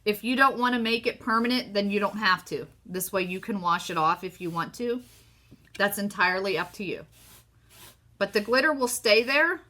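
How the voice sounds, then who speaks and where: A woman with a Southern US accent hosting a casual live craft demo, chatty and excitable as she talks to her viewers. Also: medium pitch, moderate pace. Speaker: craft host.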